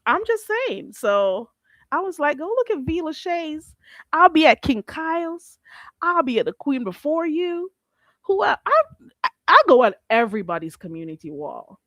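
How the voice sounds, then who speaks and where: Woman, livestream host, very animated pitch, laughs a lot, dry sound. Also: moderate pace, no echo. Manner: animated, laughs often, greets chatters. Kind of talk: casual livestream chat.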